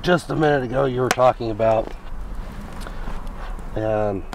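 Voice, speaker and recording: A man co-hosting a casual religious podcast, talking haltingly and slipping in dry joking asides, recorded outdoors. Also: medium pitch, creaky, far from the mic, noisy background. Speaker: podcast co-host.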